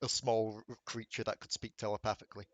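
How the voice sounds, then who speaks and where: A man's voice: on the low side, level tone, fast, no echo. A man narrating as dungeon master of a tabletop game, laughing easily and slipping into asides for the characters.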